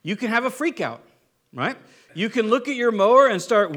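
A middle-aged pastor with a high-pitched voice delivers a sermon in a loose, conversational way. He keeps asking his listeners "right?" and slips into acting out the people in his stories. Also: very animated, normal speed, a bit bright. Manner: conversational, acts out quoted people, frequent "right?".

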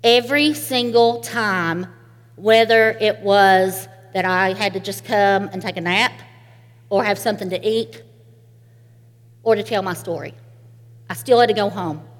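A woman's voice: medium pitch, measured pace, long pauses. Eastern Kentucky woman preaching in a hall. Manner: folksy storytelling, laughs often. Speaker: speaker. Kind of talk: sermon with personal story.

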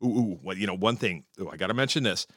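A man talking in a casual, opinionated monologue about music history, swearing often and jumping up in pitch whenever he gets excited. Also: quick pace, breathy edge, dry recording, studio quality. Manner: profane, opinionated and animated, with frequent swearing; pitch jumps high when excited.

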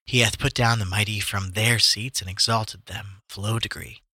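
A man's voice: lowish voice, fairly even intonation, normal speed, sharp tone, no echo. A man casually reading Bible verses aloud to friends in a joking chat, with a mock-solemn cadence. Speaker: co-host reading scripture aloud.

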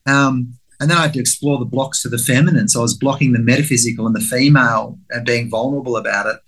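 A medium-pitched man with a fairly bright tone talks fast as a guest. He tells a story candidly in a conversational way, swearing some and acting out his own inner voice.

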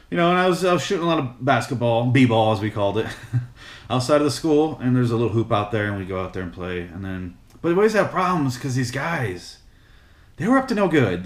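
A man telling a comic story as a rambling monologue, full of hesitations and swearing. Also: mid-range voice. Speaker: comedic vlogger. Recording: roomy echo.

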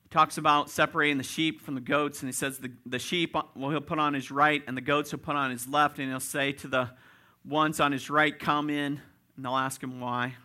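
Bright-voiced pastor preaching emphatically. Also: male voice, on the high side, level tone, fairly quick. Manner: rising to loud emphatic peaks; direct, addresses congregation as folks. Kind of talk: sermon.

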